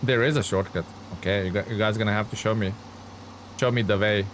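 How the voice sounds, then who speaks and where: A man's voice: fairly low pitch, steady tone, fast talker, a little hiss or hum. A young man streaming a driving game, chatting casually and answering viewers' comments as he plays. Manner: chatty, reads chat aloud and answers viewers.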